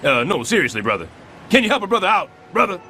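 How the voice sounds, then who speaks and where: A blustering, sarcastic cartoon super. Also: male voice, high voice, big pitch swings, quick pace, pushed and bright, a little hiss or hum, heavily acted. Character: scheming middle-aged male building superintendent. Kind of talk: animated sitcom voice acting.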